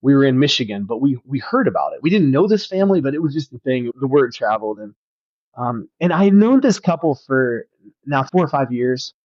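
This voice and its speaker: A man's voice: mid-range voice, big pitch swings, brisk, dry recording. A man who is a pastor, earnestly telling a personal story as a podcast guest, often restarting his sentences. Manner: earnest, reflective, many restarts. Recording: dull, slightly lo-fi, dry sound.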